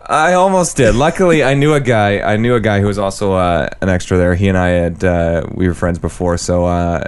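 A man's voice: fairly low pitch, smooth. A young man from Canada telling a long story in casual podcast chat, peppered with fillers. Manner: rambling storyteller, heavy use of "like". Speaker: podcast co-host.

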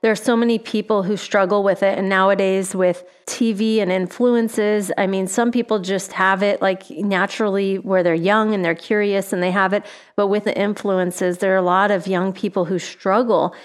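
A woman's voice: medium pitch, steady tone, normal speed, hardly any pauses. A woman interviewing a guest about his faith, affirming and preacherly.

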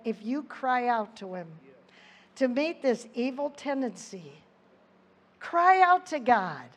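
A woman giving an earnest Bible teaching, reading scripture aloud with her own asides. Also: a little high. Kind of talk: sermon.

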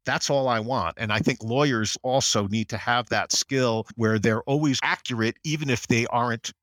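A middle-aged American man, a general counsel as interview guest, talking in an animated way and acting out quotes. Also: normal speed, no room sound, clean studio sound. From United States. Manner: animated storyteller, acts out quotes in higher voice. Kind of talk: conversational interview.

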